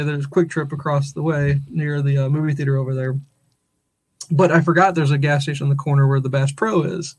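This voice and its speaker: A man hosting a podcast, telling a long story in casual chat with lots of restarts and laughs as he goes. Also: fairly high pitch. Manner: animated, rambling, laughs through the story. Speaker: podcast host; father.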